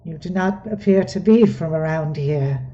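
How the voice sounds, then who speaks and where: A woman's voice: sits low, moderate pace, warm tone, dull audio, natural voice. Brief: woman voicing a frail, quavering goblin elder, formal and kind, game-table character voice. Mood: gentle.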